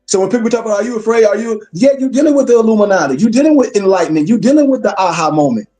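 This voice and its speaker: A male minister delivers a class lecture in a high but mellow voice. He is emphatic and preacherly, circling back to repeat key lines. Faint music hums behind him. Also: animated, rapid-fire.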